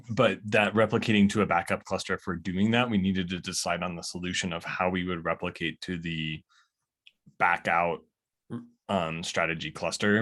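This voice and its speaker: A man with a very deep voice speaks on a video call. He explains a point to his team in a casual, easygoing way. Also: a bit bright. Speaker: meeting participant. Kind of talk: casual work meeting talk.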